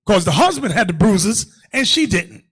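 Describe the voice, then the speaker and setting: A man teaching a class as a bishop, in animated sermon style, shouting and acting out the voices in his anecdotes. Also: high-pitched, normal speed, husky.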